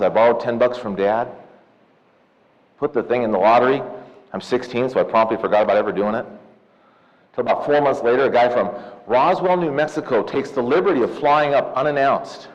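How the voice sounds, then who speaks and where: A man of about fifty from Southern California, giving a lively, jokey seminar talk and telling stories to loan officers, often calling them "you guys.". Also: medium pitch. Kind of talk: live seminar talk with personal storytelling. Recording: echoey hall, dull lo-fi sound.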